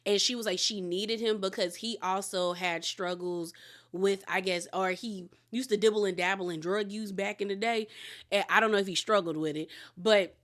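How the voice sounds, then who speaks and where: A woman's voice: medium pitch, steady tone, normal speed, fairly bright tone. A woman recapping a reality TV episode in a casual, rambling way, acting out what the cast said. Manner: rambling storyteller, acts out the cast's lines.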